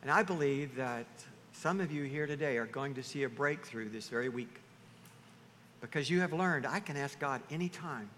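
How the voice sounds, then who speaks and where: A man preaching a sermon to his church, animated, often acting out the voices of the people he quotes. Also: medium pitch, moderate pace, a little hiss or hum. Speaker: pastor. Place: church sanctuary. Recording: reverberant hall, faint ambience.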